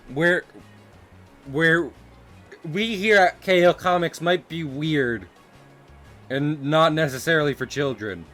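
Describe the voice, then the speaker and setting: A man's voice: on the high side, slow pace, pauses often, pushed and bright, soft background music. A man chatting casually on a live stream while drawing, rambling and giggling between his remarks. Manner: giggly, rambling, often laughing and restarting. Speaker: livestreaming artist.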